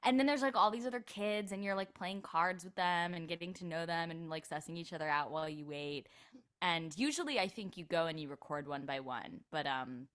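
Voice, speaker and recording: A young adult actress chatting casually as an interview guest, with plenty of "like" fillers. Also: female voice, fairly low pitch, brisk, fairly bright tone.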